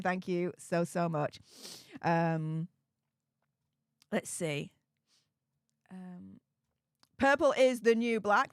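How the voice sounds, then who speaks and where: A woman's voice: medium pitch, clear, resonant tone, dry recording, clean studio sound. A woman hosting a casual live stream, reading chat messages and answering them bluntly, with frequent laughs and fillers. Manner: chatty and blunt, laughs often, many fillers.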